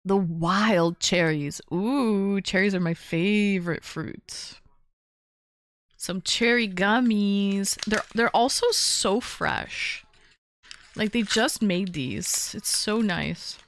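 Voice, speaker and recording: A woman's voice: medium pitch, slow, slight background noise. A woman from Toronto, a full-time streamer, chatting casually on a livestream as she unboxes gifts and answers viewers from chat. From Toronto, Canada. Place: home, small town.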